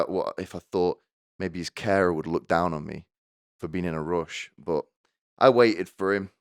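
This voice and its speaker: Deep-voiced man rambling comic stories. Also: clean tone, dry recording, studio quality. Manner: stammering restarts, crude offhand jokes. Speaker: podcast host.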